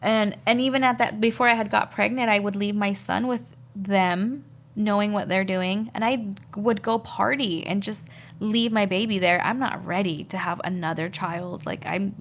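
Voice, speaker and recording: A woman on a podcast recounts her personal testimony, her voice gravelly and creaky at a middling pitch. Working through her memories, she talks haltingly and frequently repeats words.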